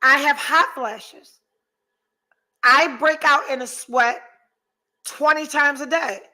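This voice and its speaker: Reading out viewer comments on her podcast, a forties-aged host swears freely and talks candidly, swinging between theatrical mock despair and laughter. She speaks slowly in a high, bright, forceful voice, and the recording is rough.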